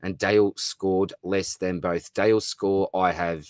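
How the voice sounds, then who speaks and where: Aussie bloke running a live stream, reading out chat, low voice, dry close sound. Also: male voice, moderate pace, hardly any pauses, no echo. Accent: Australian. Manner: chummy and upbeat, calls viewers mate and brother. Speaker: fantasy football livestream host.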